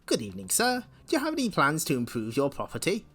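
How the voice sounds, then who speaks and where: A man voicing an overeager male door-to-door salesman in a chirpy sales-pitch manner. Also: huge pitch swings, fast, fairly bright tone, breathy edge, heavily acted. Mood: salesy.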